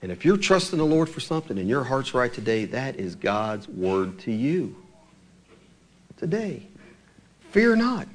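Animated preacher man with lively pitch. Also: normal speed. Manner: animated storytelling preaching, acting out scripture quotes. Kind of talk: sermon.

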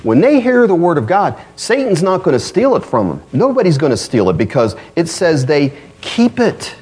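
A man delivers a sermon in a husky voice whose pitch climbs and drops widely. He preaches conversationally, acting out quoted voices and shifting between loud stressed phrases and quiet low asides. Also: wildly swooping pitch, normal speed. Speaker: pastor.

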